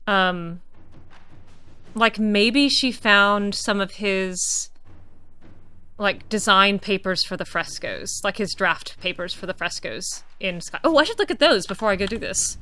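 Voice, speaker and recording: A woman's voice: medium pitch, animated, a little slow, sharp tone, clean tone. A woman streamer chatting casually over her gameplay, musing aloud and slipping into playful mock outrage. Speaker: let's-play streamer.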